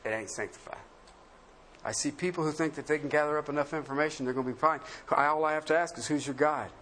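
A man preaching a sermon, asking rhetorical questions and swinging between emphatic highs and low murmurs, laughing often. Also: level tone, very fast, a bit bright, slight background noise.

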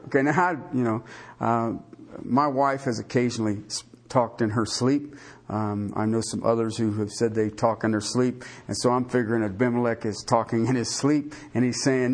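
A man's voice: medium pitch, animated, moderate pace. A man preaching a sermon to a live congregation, folksy and joking, often asking questions and stumbling over his restarts. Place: church before a live congregation.

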